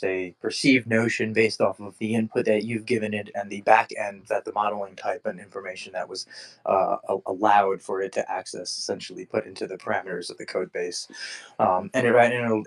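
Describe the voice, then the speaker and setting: A man's voice: on the low side, vocal fry. A man hosting a casual discussion, rambling through his explanations with many restarts and fillers. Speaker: podcast host.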